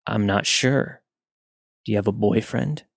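A man's voice: on the low side, a little slow, no room sound, studio quality. A man voicing a sleazy Southern trucker. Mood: leering. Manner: leering, drawling, turns crude and aggressive. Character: sleazy pushy middle-aged male trucker.

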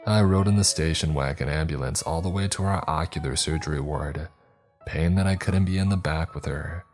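A man narrating a scary story in a steady, measured way. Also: extremely low pitch, faint music behind. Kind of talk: scripted horror story narration.

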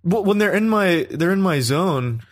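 A man's voice: sits high, expressive, normal speed. A man co-hosting a podcast in casual chat, teasing and jokey. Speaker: podcast co-host.

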